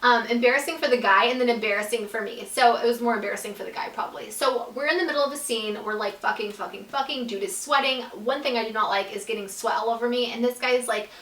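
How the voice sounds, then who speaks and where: A woman's voice: a little high, fast, few pauses, a bit bright. A young woman telling a casual, blunt and profane storytime, full of "like" fillers. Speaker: vlogger telling stories. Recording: roomy echo, a bit far from the mic.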